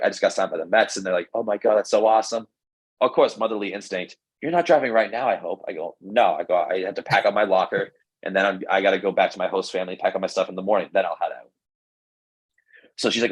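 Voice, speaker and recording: Young man with a low husky voice. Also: low-quality recording. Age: young adult. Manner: rambling, filler-heavy, animated retelling with quoted dialogue. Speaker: pro baseball pitcher, guest. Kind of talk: casual storytelling interview.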